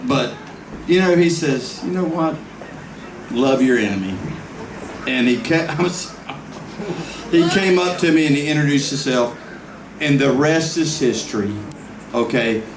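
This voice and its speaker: A man's voice: medium pitch, animated, measured pace, pauses often. A man giving a rambling, emotional birthday toast to a friend at a party, often laughing. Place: party venue. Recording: echoey room mic from far off with noise.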